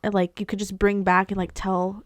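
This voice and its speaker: A woman's voice: mid-range voice, flat delivery, moderate pace, dry recording, clean studio sound. Rambling young woman podcast co-host. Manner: rambling, filler-heavy speech. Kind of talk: casual podcast chat. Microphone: podcast studio mic.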